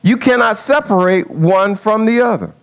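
A man preaching a sermon with an object lesson, in a folksy way that swings from quiet asides to loud dramatic calls. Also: high-pitched, moderate pace, creaky, clean tone.

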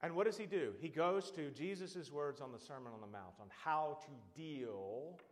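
A man preaching a sermon, earnest and building to loud, emphatic exhortation. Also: on the high side, expressive, normal speed, in a large hall.

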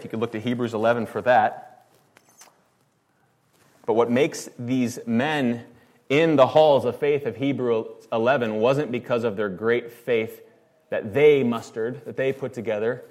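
A man delivering a sermon at a mid-range pitch for a man. He preaches in a conversational yet emphatic way and keeps putting rhetorical questions to his listeners. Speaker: pastor.

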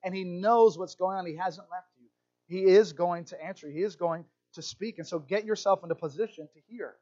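A man's voice: high voice, fairly quick, muffled recording. A man preaching a sermon as a pastor, telling stories and acting out little voices. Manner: animated storytelling, acts out voices.

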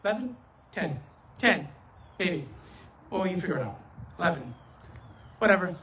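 A preacher giving a sermon, talking straight to the audience, swinging between loud emphasis and soft asides. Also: mid-range voice, animated, normal speed, a little hiss or hum. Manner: addresses the audience directly, self-correcting.

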